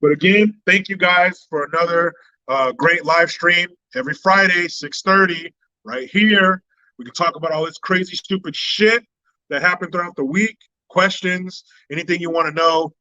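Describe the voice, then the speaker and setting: A man's voice: high-pitched, moderate pace, pushed and bright, no echo, dull audio. A man hosting a political commentary live stream, talking in a blunt, profane, combative way.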